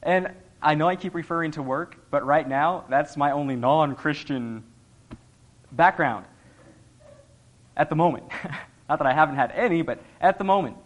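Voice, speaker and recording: A man's voice: a little high, normal speed, long pauses. A young man giving an earnest, conversational sermon, laughing often as he talks. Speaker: lay preacher.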